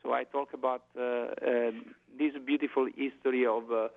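A man from Italy with an Italian accent, a guest singer talking on the phone in halting English with many fillers. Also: medium pitch, level tone, vocal fry. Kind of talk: phone interview. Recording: tinny phone line.

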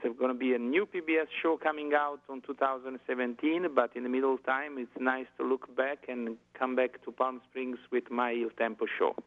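Casting: Italian-accented male guest, gravelly, tinny phone line, halting with fillers. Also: mid-range voice, little pitch movement. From Italy. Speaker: guest singer. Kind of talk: phone interview.

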